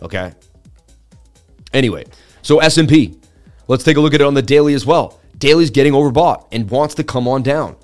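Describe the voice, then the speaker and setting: A man hosting a live market-analysis stream, talking in a chatty, excitable way and turning to his viewers to answer chat between chart readings. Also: medium pitch, a little fast, pauses often, faint music behind. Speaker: livestream host.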